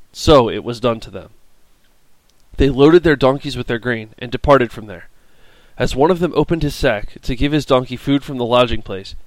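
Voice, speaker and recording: A man's voice: medium pitch, no echo, rough recording. Man reading scripture, dry and close. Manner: even, measured. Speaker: scripture reader.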